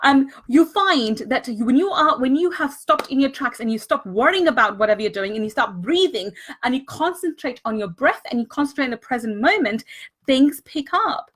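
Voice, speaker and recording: Woman, bright high voice, earnest live-stream coach, leans on repetition. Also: animated, normal speed, slightly rough. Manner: earnest, repeats words for emphasis; greets viewers and thanks them mid-talk. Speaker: money mindset coach.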